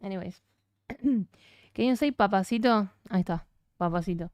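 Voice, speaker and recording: Woman with Latin American Spanish accent, teasing stream chat, smooth clear voice, dry close sound. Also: medium pitch, fairly quick, no echo, dull audio. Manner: playful, teasing, chatty. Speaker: streamer's partner answering chat.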